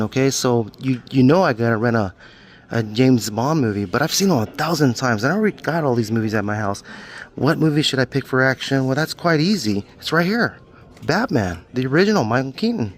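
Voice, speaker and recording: A middle-aged man, casually vlogging his way through a video rental store and joking about himself in the third person. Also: mid-range voice. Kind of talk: casual vlog walkthrough.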